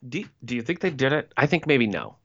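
A woman's voice: very deep voice, big pitch swings, a little fast, a bit bright. Chatty wry woman on lo-fi audio. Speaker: podcast co-host. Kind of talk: casual chat recapping a TV episode.

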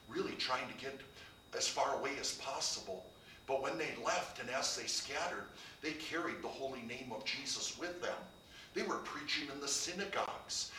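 A man's voice: mid-range voice, sharp tone, slight background noise. A man preaching a sermon, building to emphatic, rising passages. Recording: echoey room, heard from a distance.

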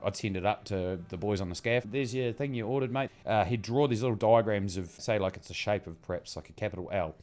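A young man with a New Zealand accent, telling stories about his life in a relaxed, self-mocking chat. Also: on the low side, fairly quick, few pauses. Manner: laid-back, self-mocking, dry humour. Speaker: guest. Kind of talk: casual storytelling chat.

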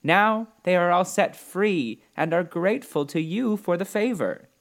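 Guy doing a sweet calm little old witch lady, higher voice, storybook reading. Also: measured pace. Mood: kindly. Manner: calm, gently reassuring. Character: small kindly old woman, a good witch.

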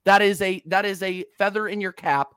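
A man giving a heated, mocking football rant as a stream guest, swinging between loud jabs and muttered asides. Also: high voice, steady tone, normal speed, smooth, no echo.

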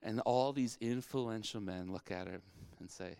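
A man's voice: on the low side, measured pace, creaky, warm tone, clear, resonant tone, no room sound. A male pastor preaching a sermon in a conversational way, repeating phrases for emphasis.

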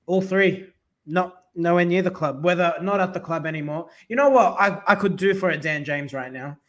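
Animated man hosting a fan podcast. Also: high voice, moderate pace. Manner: animated, jokey, addresses listeners by name. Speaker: podcast host. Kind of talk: casual football fan podcast chat.

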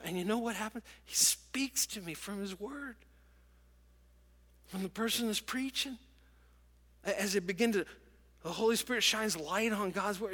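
A middle-aged man preaching a sermon to a congregation, telling stories in an animated, emotional way. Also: high voice. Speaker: pastor. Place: large church auditorium with congregation. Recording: long church hall reverb.

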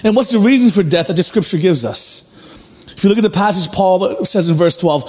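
A man's voice: sits high, a little fast, darkish tone. A male pastor preaching a sermon, earnest and emphatic, repeating key phrases and asking rhetorical questions. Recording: long hall reverb with faint music.

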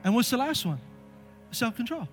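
Middle-aged man preaching in church, higher voice, lively and playful telling of stories. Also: moderate pace, soft background music. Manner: animated, acts out voices in stories. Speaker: pastor. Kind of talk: sermon with storytelling. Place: church sanctuary.

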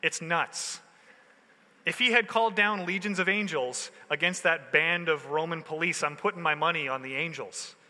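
A man preaching in a relaxed, chatty way, mixing slang into his sermon. His voice is fairly high and very bright and forceful. It rings out with a long hall reverb. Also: moderate pace. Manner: casual, conversational preaching with slang. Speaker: pastor.

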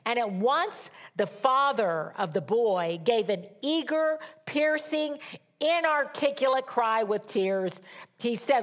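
A woman preaching a sermon and reading scripture dramatically, swinging from loud emphatic peaks down to hushed whispers. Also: a little high, big pitch swings, slow.

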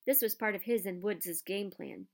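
A woman reads a storybook aloud at normal speed in a medium-pitched voice touched with vocal fry. She paces the narration expressively, keeps the story moving, and gives each sentence feeling.

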